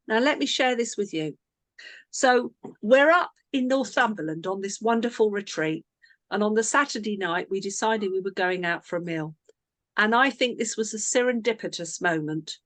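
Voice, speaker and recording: A woman's voice: mid-range voice, fairly bright tone, dry recording. A woman team coach talking casually to her team, telling a chatty story that she keeps interrupting with asides.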